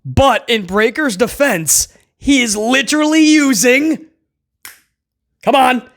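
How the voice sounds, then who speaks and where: A man's voice: very high voice, expressive, unhurried, a bit bright. A man hosting a casual wrestling review, talking sarcastically and rambling with stammered restarts. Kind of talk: casual video review rant.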